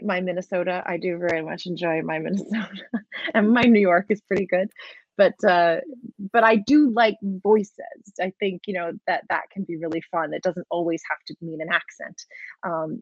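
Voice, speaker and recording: A woman game master chatting as a podcast guest, animated and laughing often. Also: on the low side, moderate pace, dry recording, muffled recording. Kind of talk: casual interview talk.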